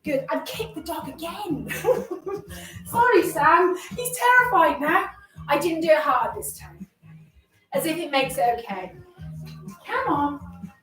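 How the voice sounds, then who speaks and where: A woman's voice: very high voice, very animated, slow, long pauses, fairly bright tone, roomy sound, recorded from a distance, faint music behind, low-quality recording. A woman exercise instructor leading a workout class, upbeat and encouraging, a bit out of breath as she moves along with it. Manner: upbeat, encouraging, chatty with self-deprecating jokes.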